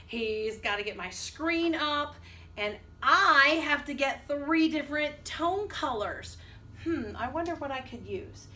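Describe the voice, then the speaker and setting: A woman's voice: high voice, bright, forceful tone. A woman music teacher leading a children's rhythm lesson, chanting rhythm syllables and encouraging her class. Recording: distant mic with faint background noise.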